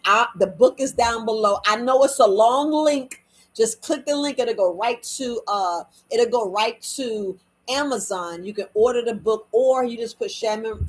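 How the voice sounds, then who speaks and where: A woman hosting a casual motivational talk, her voice a bit husky and pitched a little high. She rambles freely and keeps breaking into short acted-out quotes. The tone stays direct and personal. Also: poor audio. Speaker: motivational podcast host.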